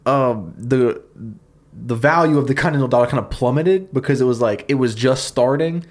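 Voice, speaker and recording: Guy on a podcast rambling through a funny history story, quick and loose, lots of "like" and "you know". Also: medium pitch. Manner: fast, animated retelling with fillers and laughs. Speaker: podcast co-host pitching a story. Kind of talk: casual comedic storytelling.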